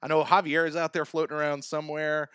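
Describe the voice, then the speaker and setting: A man's voice: fairly high pitch, flat delivery, fast talker, a bit bright, smooth, no echo. Chatty male podcast host, dry sound. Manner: casual, chatty, hesitant restarts. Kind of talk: live call-in podcast chat.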